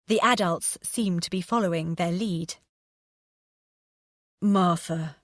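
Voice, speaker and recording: A woman narrating an audiobook with steady, expressive storytelling on a close microphone. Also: on the low side, normal speed, no room sound. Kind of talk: scripted narration.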